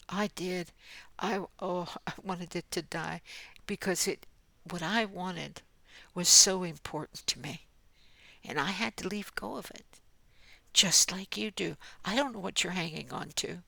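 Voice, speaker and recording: Older woman, Christian speaker. Very gravelly, bright tone, slow, earnest delivery with whispered asides. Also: lowish voice, no room sound. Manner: gentle, often drops to a whisper; earnest, with soft laughs. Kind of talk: devotional message.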